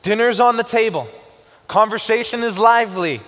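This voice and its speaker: A man preaching a sermon as pastor, with expressive delivery and slow, emphatic pauses on key words. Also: sits high. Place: church sanctuary. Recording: long church reverb.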